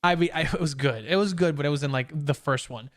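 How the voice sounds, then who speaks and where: A young man co-hosting a podcast over a video call, talking in an excited, rambling way with many restarts. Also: on the high side, fast. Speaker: podcast co-host. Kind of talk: casual chat.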